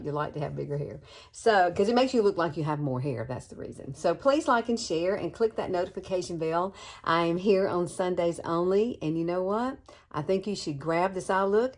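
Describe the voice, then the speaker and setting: Chatty woman in her sixties. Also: lowish voice. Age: 60s. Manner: chatty, enthusiastic, calls viewers girlfriends. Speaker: beauty vlogger. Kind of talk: casual makeup tutorial.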